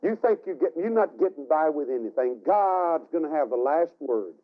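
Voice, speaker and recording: Fiery preacher on a tinny old broadcast. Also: male voice, fairly high pitch, animated, moderate pace. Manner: dramatic storytelling with sudden shouts and hushed asides. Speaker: evangelist. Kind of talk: fiery revival sermon. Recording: tinny archival radio broadcast.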